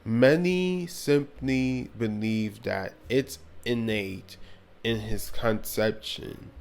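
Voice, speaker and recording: A man's voice: medium pitch, drawn-out words, gravelly, darkish tone, a little hiss or hum. A young man giving an earnest, blunt commentary on his vlog, now and then sarcastic. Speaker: video commentator.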